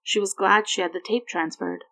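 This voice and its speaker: Woman, story reader, reading fan fiction, steady narration, middle pitch. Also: moderate pace, poor audio.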